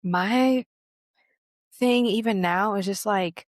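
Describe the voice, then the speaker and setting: A woman's voice: medium pitch, takes it slowly, no echo, studio quality. A young woman co-hosting a podcast, chatting casually, laughing often and restarting her sentences. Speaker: podcast co-host. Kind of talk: casual chat.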